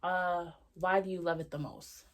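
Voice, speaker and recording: A woman's voice: lowish voice, fairly even intonation, moderate pace. A young woman in her twenties talking candidly in a casual video diary, reflective and slangy, full of fillers. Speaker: vlogger.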